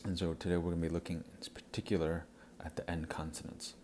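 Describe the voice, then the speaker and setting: A man giving a halting explanatory lecture over slides, with many fillers. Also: low voice, level tone, a little mellow, a little hiss or hum. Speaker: language educator.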